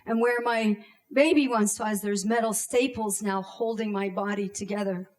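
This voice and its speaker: A woman in her thirties from Canada, telling a personal story on stage in a slow, deliberate way with dramatic pauses and acted-out shouts. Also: mid-range voice, fairly even intonation.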